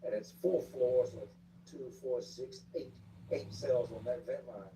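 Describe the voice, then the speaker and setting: A man telling stories of his time as an inmate in casual street slang, acting out the shouts of other inmates. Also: medium pitch, unhurried. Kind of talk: casual storytelling. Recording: distant mic with clear background noise.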